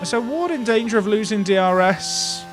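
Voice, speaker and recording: A man giving excitable, jokey commentary while playing a racing management game, swinging between hype and quiet muttering. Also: high voice, moderate pace. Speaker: gaming YouTuber.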